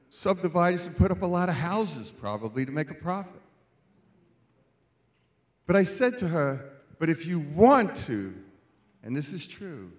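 A man preaching as a guest speaker at a church celebration, moving from quiet storytelling to loud calls to the congregation. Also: high-pitched. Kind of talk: sermon.

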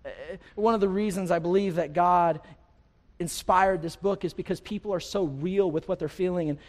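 A man's voice: high-pitched, fairly even intonation, moderate pace. A man preaching a sermon from the pulpit in a large church, with impassioned phrases that rise and fall, repeated lines and many restarts. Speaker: pastor. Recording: live hall reverb.

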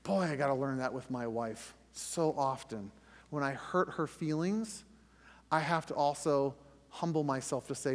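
A man's voice: mid-range voice, measured pace, big-room sound. A middle-aged man hosting a faith podcast, telling a personal story in a conversational way with frequent restarts. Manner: conversational storytelling with restarts, rising tension when reliving the scare. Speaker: podcast host.

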